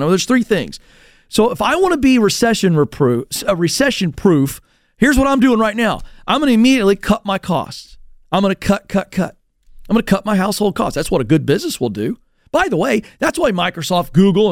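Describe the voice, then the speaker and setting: Fired-up male talk show host, lively pitch. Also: dry recording, studio quality. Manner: animated, mocking mimicry of others. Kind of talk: energetic talk radio commentary.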